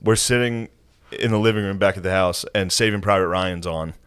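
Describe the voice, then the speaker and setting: A man's voice: deep voice, fairly quick, smooth. A man in his thirties, a podcast co-host, telling a story in casual chat and acting out what others said. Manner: animated storyteller, acts out quotes, laughs often. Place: podcast studio.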